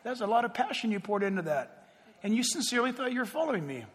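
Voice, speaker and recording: A blunt, fatherly God, as a preacher puts him on, speaking in a calm, matter-of-fact way. The voice is a high man's voice. It carries the long echo of a large hall. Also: fast, husky, full character voice. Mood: kindly.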